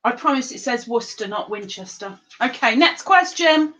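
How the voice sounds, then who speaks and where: A woman hosting a live-streamed trivia game, chatty and playful, reading the questions out slowly. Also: a little high, animated, pushed and bright, dull audio. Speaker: livestream quiz host.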